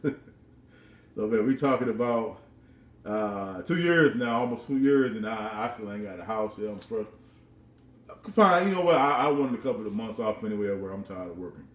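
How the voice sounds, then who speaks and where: At home, a vlogger in his thirties tells a personal story casually, rambling, repeating words, and chuckling often. His voice is on the low side with lively intonation at normal speed, captured from a distance with roomy, off-mic sound.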